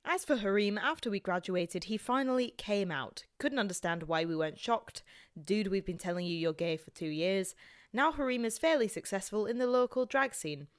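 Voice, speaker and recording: A woman's voice: medium pitch, animated, moderate pace, clear, resonant tone, natural voice. A woman reading a story aloud in a put-on Scottish accent, stumbling now and then over the words. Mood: amused.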